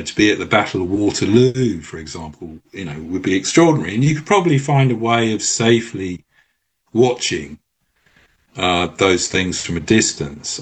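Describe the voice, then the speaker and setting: A man appearing as a guest on a radio show, explaining things in a careful, measured, sometimes halting way. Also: sits low, slightly rough. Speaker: studio guest. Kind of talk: radio interview.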